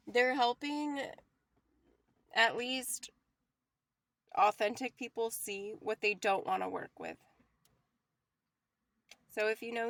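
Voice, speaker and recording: A woman's voice: on the high side, fairly bright tone, no echo. A young woman giving a casual, rambling spiritual card reading to her viewers, emotional and laughing often. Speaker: tarot reader.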